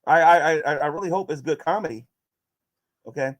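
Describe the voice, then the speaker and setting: A man's voice: on the high side, fairly quick. A man vlogging as he answers viewer questions and combatively addresses his critics, often restarting his sentences. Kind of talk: casual vlog monologue.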